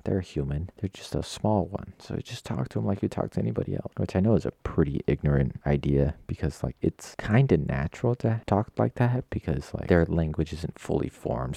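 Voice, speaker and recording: A man's voice: very deep voice, creaky, dark tone, dry recording, studio quality. A young man hosting a podcast on his own, chatting casually at his desk in a rambling, digressive, self-mocking way. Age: young adult. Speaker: podcast host. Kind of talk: casual solo chat.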